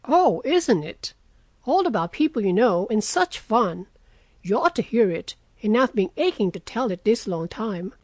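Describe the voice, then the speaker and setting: Teasing good-natured young gentleman read by a woman, lively rising-falling delivery, dry close sound, storybook reading. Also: mid-range voice, unhurried, no echo. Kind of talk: audiobook character reading.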